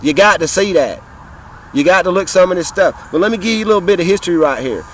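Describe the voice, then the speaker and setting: A man's voice: high voice, expressive, quick pace, a bit bright, a little hiss or hum, low-quality recording. A man in his fifties with a Southern American accent, talking in an impassioned, rambling way outdoors, swearing and often repeating himself. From Southern United States. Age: 50s. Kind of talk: casual monologue to camera.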